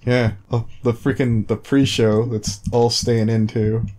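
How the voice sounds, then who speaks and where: A man's voice: mid-range voice, level tone, unhurried, a little mellow. A man hosting a casual podcast, joking, laughing often and swearing freely. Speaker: podcast host.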